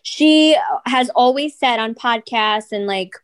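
A woman's voice: a little high, slow, clean tone. A young adult woman co-hosting a podcast, chatting and gossiping casually, filling her talk with "like" and "you know". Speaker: podcast co-host.

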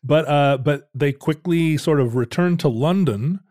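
A man's voice: a little high, measured pace, darkish tone, dry recording. Middle-aged man telling a rambling story. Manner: rambling anecdotal storytelling with dry jokes. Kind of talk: casual chat, storytelling.

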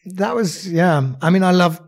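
A man's voice: high-pitched, moderate pace. A man, an actor, talking casually in an interview, rambling and self-mocking with restarts. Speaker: actor and songwriter guest.

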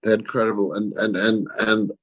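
A man speaking as a guest composer in an interview, halting and self-effacing, with many restarts and repeated words. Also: lowish voice, little pitch movement. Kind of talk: conversational interview.

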